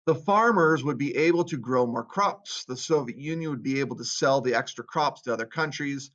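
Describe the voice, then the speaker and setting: A man's voice: mid-range voice, brisk, fairly bright tone. A man teaching a history lesson in a casual way, reading out quotes and then commenting on them. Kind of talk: classroom history lecture. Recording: dull lo-fi recording.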